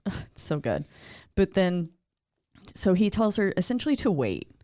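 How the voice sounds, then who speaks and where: A woman co-hosting a podcast, casually and excitedly recapping a horror film, swearing freely and acting out quotes. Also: on the low side, moderate pace, dry recording, studio quality. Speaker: podcast co-host.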